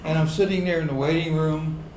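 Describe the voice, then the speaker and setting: A middle-aged man telling a comic personal story on a pub stage to a live audience, building to loud indignant outbursts. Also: a little high, steady tone, a little fast, roomy sound, background noise.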